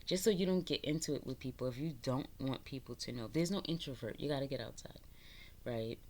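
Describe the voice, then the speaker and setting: A woman with a low voice gives a casual spiritual pep talk to her viewers. She swears constantly, laughs a lot and preaches self-worth in a loose, streetwise way. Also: fairly quick, a little mellow. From New York, the Bronx. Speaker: spiritual vlogger.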